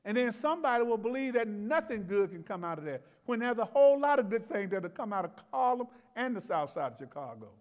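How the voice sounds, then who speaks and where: A man with a notably high voice preaches a teaching sermon, talking to the congregation like neighbors. He chuckles, doubles back on his words, then climbs into loud, emphatic exclamations. His voice rings out with a long hall reverb. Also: big pitch swings, quick pace, few pauses. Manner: conversational and folksy, laughs and repeats words. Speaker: pastor. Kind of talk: expository sermon.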